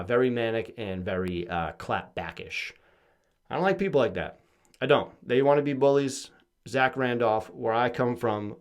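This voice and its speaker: A young man rambles through a comedic podcast monologue. He swears often and jumps up and down in pitch as he mimics the people in his stories. His voice sits at an ordinary middle pitch. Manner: profane, animated storytelling with mock-quoted voices. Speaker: podcast host.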